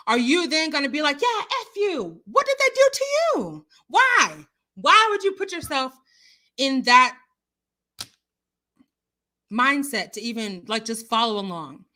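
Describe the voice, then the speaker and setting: A young adult woman hosting a casual livestream, chatting and answering viewers with emphatic, animated remarks. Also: high voice, normal speed. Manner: chatty, emphatic, laughs often. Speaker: livestream host.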